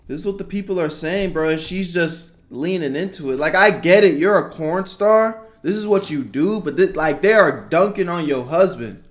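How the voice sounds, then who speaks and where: Animated man reacting to clips. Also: fairly high pitch. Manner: animated, slangy, bursts into loud outbursts. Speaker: reaction channel host. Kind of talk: casual reaction commentary.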